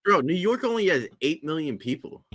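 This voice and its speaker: A young man chatting casually with friends, blunt and excitable. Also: on the high side, brisk. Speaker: friend in group chat. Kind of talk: casual chat.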